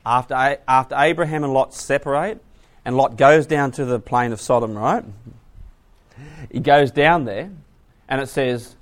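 A man preaching to a class, asking the audience questions and moving between hushed asides and loud emphasis. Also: mid-range voice, moderate pace, long pauses. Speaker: preacher teaching a Bible class. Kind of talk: sermon.

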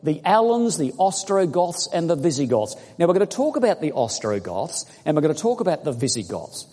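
A man's voice: fairly high pitch, big pitch swings, a little fast. Dramatic preacher man in an echoey hall. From outside the United States. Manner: emphatic, dramatic preaching with sudden loud and quiet turns. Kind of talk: sermon.

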